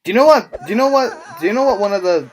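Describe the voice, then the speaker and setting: A male YouTuber giving casual, rambling gameplay commentary, excitable and quick to laugh. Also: high voice. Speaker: YouTube gamer.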